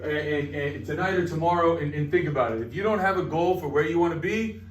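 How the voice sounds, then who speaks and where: A man giving an energetic sales training talk to a group, repeating his phrases. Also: a little high, quick pace. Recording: echoey room, distant mic.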